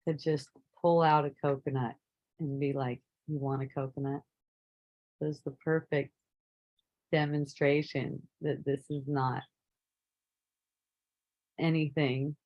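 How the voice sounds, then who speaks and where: A woman casually telling a personal story, relaxed and rambling, laughing often. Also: sits low, slow, pauses often, dull audio. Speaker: spiritual teacher.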